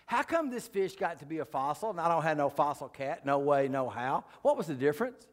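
A man's voice: a little high, very animated, fairly quick. A man giving a folksy, joking lecture with slides to a live audience, delivering dry punchlines. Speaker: creation science speaker. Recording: long hall reverb.

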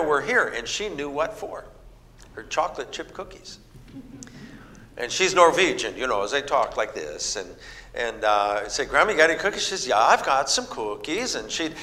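A middle-aged man preaching a sermon, telling folksy stories and acting out the people in them. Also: mid-range voice. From American Midwest. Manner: folksy storytelling, animated voices for quoted people. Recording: reverberant hall with faint noise.

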